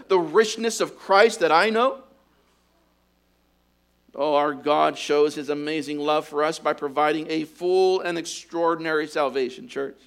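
A man preaching a sermon. He builds to loud, fervent exhortation and then drops to a hushed closing prayer. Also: on the high side. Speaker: pastor.

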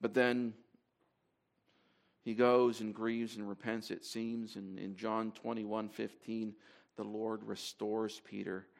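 A man's voice: on the low side, level tone, slow pace, creaky. A man preaching to a congregation in a conversational way, with fillers and restarts as he reads scripture aloud. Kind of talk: sermon.

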